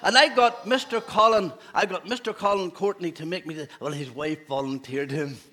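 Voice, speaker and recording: A man's voice: high voice, normal speed, pushed and bright. A man, a pastor giving a playful children's talk in a church service, asking the children questions. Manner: playful, asks children questions, laughs often.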